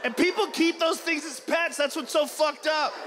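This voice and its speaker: Man, stand-up comic, high voice, shouting profanity, live show with loud crowd laughing. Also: normal speed, very noisy. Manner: loud, profane, shouting punchlines and acting out animals. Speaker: stand-up comedian. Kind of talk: stand-up routine. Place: comedy stage before a large audience. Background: loud audience laughter.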